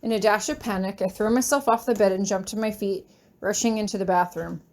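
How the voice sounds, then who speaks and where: A woman reading a first-person fanfiction story aloud, with emotional, expressive delivery. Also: mid-range voice, brisk. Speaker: audiobook reader.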